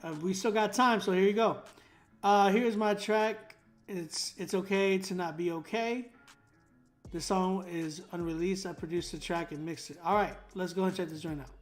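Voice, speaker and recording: A man with a notably high voice hosts a casual livestream critique of submitted tracks. He talks in a relaxed, filler-heavy way and hums drum rhythms to illustrate. Faint music plays underneath him. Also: moderate pace. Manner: laid-back, many fillers, hums drum patterns to explain. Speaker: host reviewing submitted songs.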